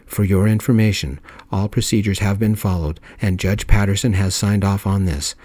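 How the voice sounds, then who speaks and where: A man's voice: fairly low pitch, moderate pace, dry recording, close to an everyday voice. A man voicing a stern, formal police officer. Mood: firm. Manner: formal, steady, reads out rules. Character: stern male police officer, firm and procedural. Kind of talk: soft-spoken ASMR storytelling.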